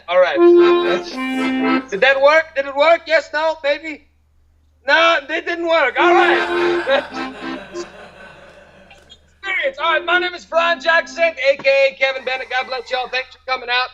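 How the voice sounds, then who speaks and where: Guy with a super high voice doing open mic standup, keeps asking if jokes landed, lo-fi sound. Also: lively intonation, a little slow, pauses often, sharp tone, soft background music. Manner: keeps checking how the audience reacts to his jokes. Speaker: stand-up comedian.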